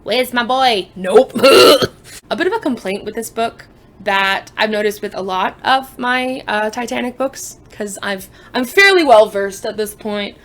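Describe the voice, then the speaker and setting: A woman's voice: mid-range voice, lively intonation, normal speed, a bit bright. Chatty young woman reviewing books. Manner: chatty, joking, frequent laughs and sarcastic asides. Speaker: book vlogger. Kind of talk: casual book review chat.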